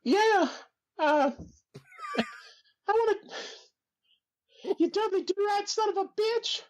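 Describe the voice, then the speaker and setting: A man doing a high, squeaky falsetto impression of a cursing male wrestling manager. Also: slow. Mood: mocking. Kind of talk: comedy podcast impression.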